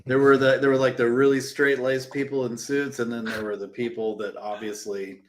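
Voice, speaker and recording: A man's voice: mid-range voice, level tone, normal speed. A man co-hosting a casual film podcast, giving blunt opinions in easy chat. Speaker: podcast co-host.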